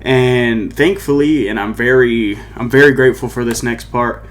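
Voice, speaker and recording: This young man hosts his own podcast and is also a musician. His mid-range voice holds a steady tone at normal speed as he rambles loosely through a personal story, leaning heavily on "like" and "you know what I mean."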